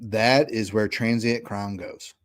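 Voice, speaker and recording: Speaking slowly in a lowish, steady voice, this middle-aged podcast co-host from Kentucky talks politics casually in a Southern accent. He comes across folksy and earnest, restarting sentences and using tag questions.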